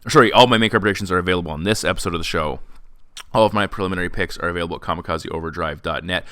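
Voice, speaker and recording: A man hosting a fight predictions show, talking fast and giving strong opinions, with sarcasm at times. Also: deep voice, sharp tone, dry recording, studio quality. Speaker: podcast host. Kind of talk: MMA predictions commentary. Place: classroom.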